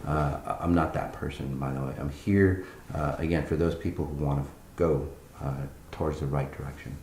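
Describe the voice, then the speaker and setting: Casting note: very low-voiced man, blunt meditation teacher, swears freely, halting speech with lots of "uh"s, echoey room. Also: fairly even intonation, a little mellow, a little hiss or hum. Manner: blunt, swearing, many fillers and restarts. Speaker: spiritual teacher. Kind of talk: guided meditation talk.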